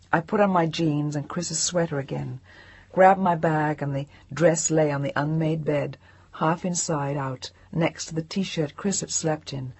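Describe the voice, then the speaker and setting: A woman's voice: sits low, steady tone, measured pace, a little mellow, slightly rough, dry recording. A woman narrating a novel in the first person, sounding tense and shaken. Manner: tense, shaken, breaking into whispers. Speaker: audiobook narrator.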